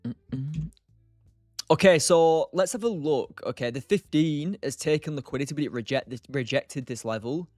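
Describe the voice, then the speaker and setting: A man's voice: fairly high pitch, moderate pace, few pauses, darkish tone, no room sound. Young male stream host, casual and chatty, dry close mic, faint music bed. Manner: chatty, reads and answers chat by name, laughs often. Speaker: livestream day trader host. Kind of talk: casual live-stream chat.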